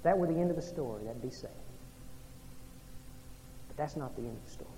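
A man from Oklahoma or Texas, a pastor preaching an evening sermon in a church, swinging between loud and hushed delivery. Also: a little fast. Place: church sanctuary. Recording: long reverb in a large hall, faint rumble.

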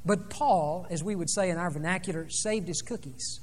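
High-voiced preacher man in a reverberant hall. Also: moderate pace, hardly any pauses. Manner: dramatic storytelling with sweeping swings in loudness. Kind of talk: sermon. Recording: long reverb of a large hall.

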